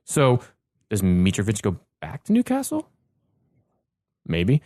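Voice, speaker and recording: A man hosting a casual podcast, talking quickly and eagerly, often tripping over his words. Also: lowish voice, huge pitch swings, warm tone, no room sound, studio quality. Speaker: podcast host. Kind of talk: casual chat.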